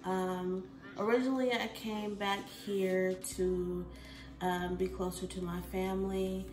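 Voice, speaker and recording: A woman in her twenties, a vlogger from the United States, talking in a rambling, expressive casual chat that swings between soft and loud. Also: medium pitch, slow, recorded from a distance. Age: 20s. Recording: roomy echo, from the mic, faint music.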